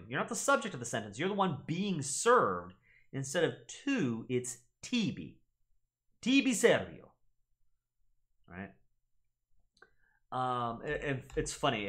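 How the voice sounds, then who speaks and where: A man's voice: mid-range voice, fairly bright tone. A young American man hosting a gaming channel, casually explaining things in a teacherly way and checking in with the listener. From United States.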